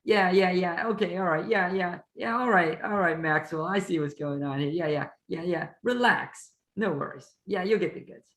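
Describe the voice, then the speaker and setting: A slippery, evasive businessman, put on by a man who talks in a raised, gravelly voice and keeps waving off every worry with breezy reassurance. The voice sounds echoey, as if recorded in a bare room. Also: high-pitched, normal speed, hardly any pauses, fairly bright tone, pitched above the performer's own voice. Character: shady small-time male businessman dodging trouble.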